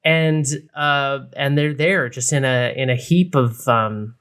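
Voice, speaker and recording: A man's voice: mid-range voice, steady tone, slow pace, fairly bright tone, smooth. A man co-hosting a casual podcast, telling a story in a playful, rambling way with plenty of fillers. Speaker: podcast co-host. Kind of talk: casual chat.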